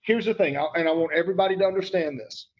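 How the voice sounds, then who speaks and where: A man's voice: sits high, rapid-fire, dull audio, slight background noise. Emphatic man teaching an online grammar class. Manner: emphatic, repeats for effect, addresses students by name.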